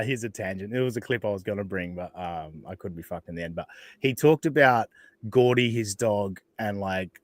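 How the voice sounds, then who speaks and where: A man's voice: lowish voice, no echo. An Australian man hosting a podcast, chatting casually with sarcastic asides, frequent laughs and swearing. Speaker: podcast host. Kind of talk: casual chat.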